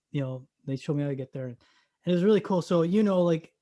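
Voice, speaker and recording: A man, an actor guest on a podcast, telling a story in a lively, animated way. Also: a little high, fast talker. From Canada. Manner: animated, loud acted-out storytelling.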